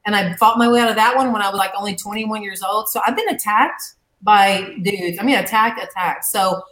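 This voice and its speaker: A woman telling a fight story in an interview, blunt and animated with plenty of swearing. Her mid-pitched voice sounds in an echoey room. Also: a little fast. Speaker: guest.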